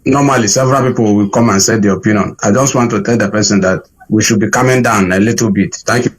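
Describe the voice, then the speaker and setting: A man's voice: on the low side, fast, slightly rough. A man calling in to a radio show, speaking hesitantly and conciliatorily. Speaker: caller. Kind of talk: phoned-in radio comment.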